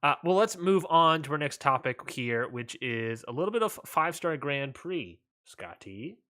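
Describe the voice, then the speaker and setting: A man co-hosting a casual wrestling podcast, laid-back and rambling, often trailing off quietly at the ends of lines. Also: a little high, big pitch swings, moderate pace. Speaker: podcast co-host.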